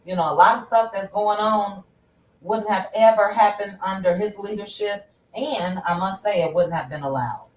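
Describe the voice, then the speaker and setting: A woman's voice: medium pitch, normal speed, darkish tone, echoey room, recorded from a distance, a little hiss or hum, rough recording. A woman hosting a casual livestream, chatting directly with her viewers about pop culture news. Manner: chatty, talks straight to viewers. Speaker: host.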